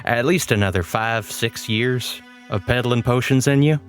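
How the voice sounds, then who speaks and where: A man's voice: medium pitch, normal speed, soft background music, close to an everyday voice. A man voicing a stern, no-nonsense woman healer who scolds with folksy phrasing. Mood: scolding.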